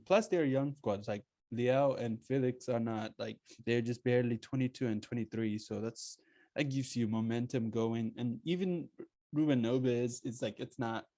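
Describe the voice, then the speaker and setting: A man talking casually about a football squad, hesitant, searching for words with many pauses. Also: mid-range voice, mellow, dry recording, clean studio sound. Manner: hesitant, many fillers and restarts. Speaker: guest football fan. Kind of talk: casual chat.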